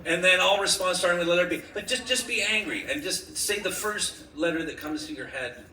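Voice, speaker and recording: A man running a crowd-work improv game on stage, profane and shouting at times as he plays a shopkeeper. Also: high-pitched, a little fast, a little hiss or hum. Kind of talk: live improv with audience volunteer. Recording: roomy live venue from far off.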